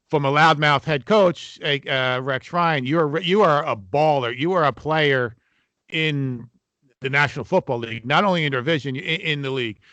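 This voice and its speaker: Emphatic New man, bright and dry. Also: on the high side, dry recording. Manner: emphatic, builds arguments point by point. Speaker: podcast co-host. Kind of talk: casual sports betting podcast chat.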